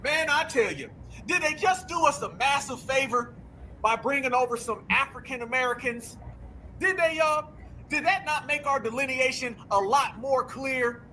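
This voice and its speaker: A man hosting a political commentary show, talking in an animated, sarcastic, slangy way. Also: very high-pitched, normal speed, a little hiss or hum. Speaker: host.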